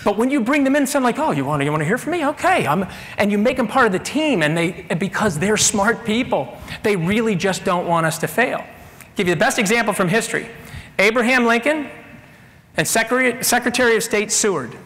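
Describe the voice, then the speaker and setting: A middle-aged man giving a storytelling keynote talk, animated and bursting into shouted voices of the people in his stories. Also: high-pitched, moderate pace. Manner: animated, acts out shouting characters mid-story. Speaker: keynote speaker. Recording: echoey hall with long reverb.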